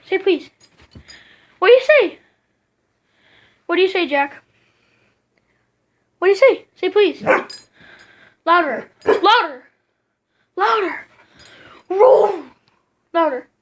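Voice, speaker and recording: A woman's voice: extremely high pitch, background noise. A woman vlogging casually at home, playfully coaxing and chatting to her dog on a handheld camera.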